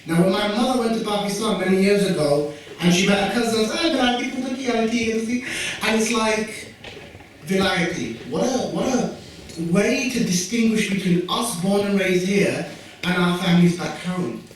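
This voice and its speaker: A man's voice: high voice, normal speed. A young man from Yorkshire with a Yorkshire accent, telling jokey stories to the audience at a community event. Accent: Yorkshire English. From Yorkshire, England. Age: young adult. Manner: jokey, animated, asides to the audience. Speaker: youth worker giving a talk. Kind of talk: storytelling talk at a community event. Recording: echoey room from far off with faint noise.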